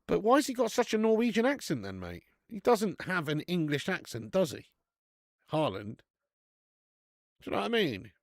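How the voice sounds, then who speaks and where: A fairly high-voiced man hosting a football watch-along, jokey and sweary, who swings into excited play-by-play when the match heats up. The sound is dry and close, with no room echo. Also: normal speed, pauses often. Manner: sweary, laddish, jokey, bursts into excited commentary. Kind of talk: live match commentary and chat.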